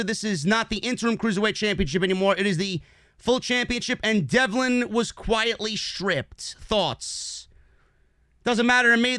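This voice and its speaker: A man reviewing a wrestling show, ranting angrily with lots of swearing, then reading out viewer messages more calmly. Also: high-pitched, clear, resonant tone, no echo, studio quality. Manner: angry, profane, shouting rant. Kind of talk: heated rant and live chat review.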